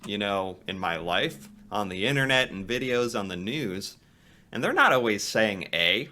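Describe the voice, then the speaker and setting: A man's voice: fairly low pitch, sing-song, unhurried, pushed and bright. A man reacting to a video in casual commentary, thinking aloud and musing with restarts.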